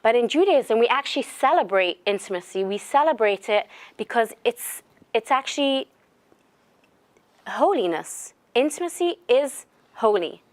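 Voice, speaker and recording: A woman giving a faith lecture to a live group. She talks in a chatty, animated way and weaves stories into her teaching. Her voice sits a little high, with frequent ums and restarts. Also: moderate pace. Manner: conversational, animated storyteller. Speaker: religious lecturer. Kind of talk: lecture with storytelling.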